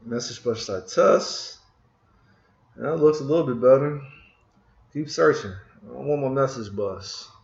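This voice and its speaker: A man's voice: medium pitch, measured pace, creaky, long pauses, a little mellow, reverberant, muffled recording. A man casually talking through code on his computer, muttering to himself in frustration as he searches for a missing tool. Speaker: programming screencast host. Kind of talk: casual live coding talk. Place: room at a computer. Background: keyboard typing and clicking.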